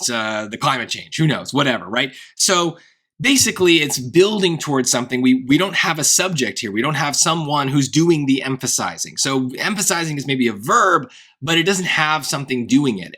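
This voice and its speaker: A man's voice: medium pitch, sharp tone. A man teaching a grammar lesson in a conversational way, thinking aloud with occasional fillers and restarts. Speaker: SAT tutor.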